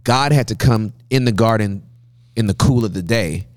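A man speaking as a guest pastor, telling animated sermon-style stories with a preacher's cadence and frequent laughter. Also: on the low side, normal speed, dry recording, studio quality.

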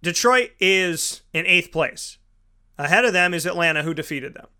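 A man's voice: high-pitched, expressive, normal speed, bright, forceful tone, clean tone. A man hosting a show, giving opinionated football commentary with emphatic, repetitive ranting. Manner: emphatic, ranting, repeats for effect. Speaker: sports show host.

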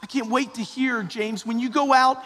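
High-voiced priest preaching in echoing church. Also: male voice, steady tone, moderate pace, sharp tone. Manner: conversational, repetitive, rising to emphatic calls. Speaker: parish priest. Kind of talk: sermon. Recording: long church reverb.

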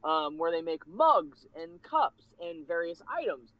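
A man casually telling a rambling, animated convention story with laughs and restarts. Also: a little high, a little slow, no echo. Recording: lo-fi muffled recording.

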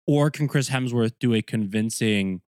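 Podcast guy, mid voice, runs the segments, steady, dry sound. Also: mid-range voice, moderate pace, dry recording. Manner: steady, leads segments, opinionated. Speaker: podcast co-host. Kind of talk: casual chat.

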